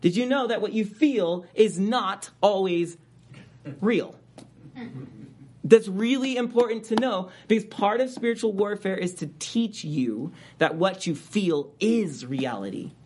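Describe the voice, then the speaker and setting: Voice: mid-range voice, unhurried, darkish tone, a little hiss or hum. A preacher giving a conversational expository sermon, stressing key words with sudden rises.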